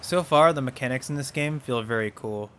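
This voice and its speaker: A man's voice: medium pitch, fairly quick, fairly bright tone, clear, resonant tone. A man giving casual gameplay commentary as a let's play host, chatty and wondering aloud.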